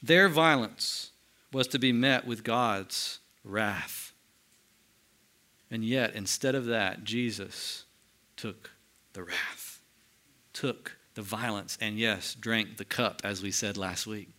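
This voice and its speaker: A man preaching a sermon, moving between lively emphasis and hushed, slow solemn passages. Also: on the low side. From United States. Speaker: pastor.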